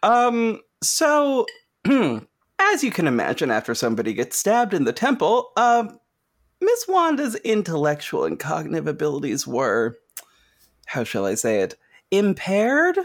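A man's voice: sits high, wildly swooping pitch, unhurried. A man hosting a podcast in casual chat, laughing often and swearing freely as he tells the story. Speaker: podcast host.

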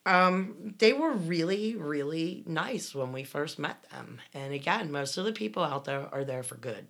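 A woman's voice: low voice, animated, a little slow, vocal fry, fairly bright tone. A woman, casually recounting her time in a commune, rambling with restarts. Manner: rambling, many restarts, laughs while telling. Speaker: guest recounting life in a commune. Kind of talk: casual conversational storytelling.

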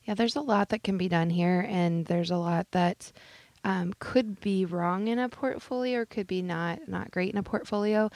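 A woman's voice: mid-range voice, normal speed, darkish tone, no echo. A woman co-hosting a financial radio show, adding earnest points about portfolio risk and legal documents. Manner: earnest, adds points, fillers like um and uh. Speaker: financial advisor co-host. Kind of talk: explanatory radio talk.

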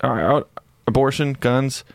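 A man co-hosting a comedy podcast, with crude, profane, deadpan jokes. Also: mid-range voice, unhurried, vocal fry, no room sound. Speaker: podcast co-host.

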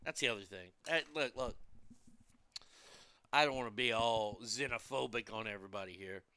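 A man's voice: fairly low pitch, moderate pace, sharp tone, clear, resonant tone, no room sound. A man rambling casually about food, movies and wrestling, blunt and profane, with many restarts. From United States.

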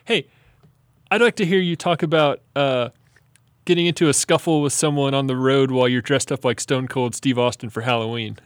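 A man's voice: mid-range voice, brisk, dry recording, studio quality. A man hosting a casual podcast, prompting his guest with questions and laughing along. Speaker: podcast host. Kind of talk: casual chat.

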